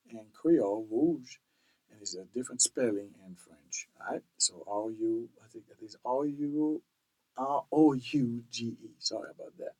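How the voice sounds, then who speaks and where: Slow, lively man teaching a language. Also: medium pitch, rough recording. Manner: repeats each word several times, checks in with "all right?". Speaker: podcast host teaching language. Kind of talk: casual language lesson podcast.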